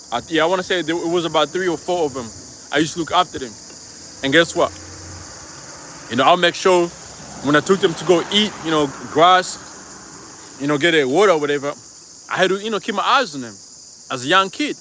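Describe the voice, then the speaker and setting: A man with a high, bright, ringing voice preaches over a live stream. He talks loosely and profanely, full of asides to the listener, and faint crickets chirp outdoors behind him. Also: a little hiss or hum. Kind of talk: live-stream sermon with personal storytelling.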